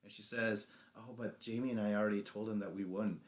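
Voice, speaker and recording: A man's voice: on the low side, steady tone, brisk. A young man co-hosting a podcast, animatedly retelling a reality show episode, acting out the lines and laughing often. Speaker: podcast co-host. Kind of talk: casual recap chat.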